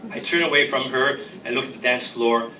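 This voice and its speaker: A man's voice: mid-range voice, steady tone, a little fast, pushed and bright, a little hiss or hum. A man reading his own fiction aloud in wry, reflective first-person narration at a live reading. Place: reading venue. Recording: roomy, distant mic, faint ambience.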